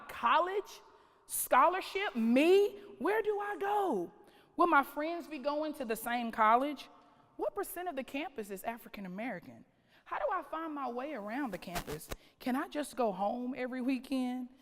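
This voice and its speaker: A woman's voice: fairly high pitch, fairly bright tone. A woman, giving a keynote speech in dramatic strings of rhetorical questions. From North Carolina. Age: late 30s. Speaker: keynote speaker, school principal. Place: large conference hall. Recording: reverberant hall.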